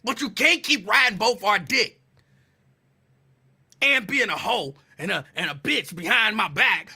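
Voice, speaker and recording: Slow and deliberate, a man on his podcast lets every line sink in while he rants, calling someone out with profanity and teasing. He keeps circling back to the same digs; his voice is bright, forceful, a little breathy, and its pitch varies widely phrase to phrase.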